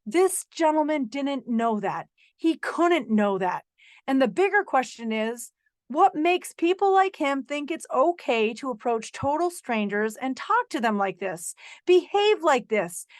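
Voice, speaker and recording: A woman's voice: high voice, no room sound, studio quality. A middle-aged woman from North Carolina hosting a podcast, telling a personal story in an earnest way, sometimes turning sarcastic. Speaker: podcast host.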